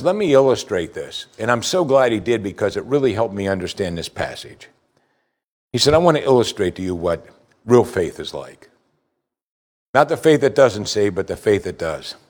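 A man's voice: big pitch swings, normal speed. Preaching man, emphatic and rising. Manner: emphatic preaching, rising for scripture quotes, dropping low for asides. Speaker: pastor. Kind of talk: sermon.

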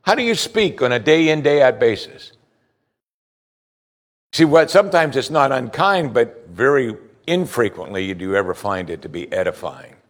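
A male pastor delivers a sermon in a plain, conversational voice of ordinary pitch. He talks the way he would to a friend, often repeating a word as he starts a thought. He keeps asking the congregation pointed questions. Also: very animated, moderate pace. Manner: conversational preaching, asks the congregation direct questions.

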